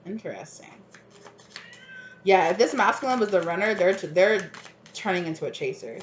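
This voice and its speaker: A woman's voice: on the low side, expressive, moderate pace, a little hiss or hum. A woman giving a casual, rambling tarot card reading, full of fillers and frequent laughs. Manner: rambling, chatty, filler-heavy, laughs often. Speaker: tarot reader. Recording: roomy, slightly dull sound.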